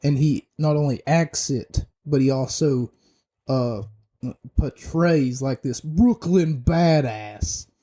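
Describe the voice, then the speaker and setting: A man's voice: medium pitch, slow, dark tone. A man hosting a podcast, giving an opinionated, rambling wrestling review with many fillers and restarts. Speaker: podcast host.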